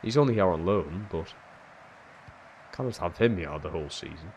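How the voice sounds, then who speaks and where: A young man commentating live on his own football video game in a lowish voice. He mutters his way through the play, cursing freely, then bursts into loud shouts at goals and blunders. A faint hiss sits under the stream audio. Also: lively intonation, moderate pace. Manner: swears freely and swings from low muttering to shouting at big moments.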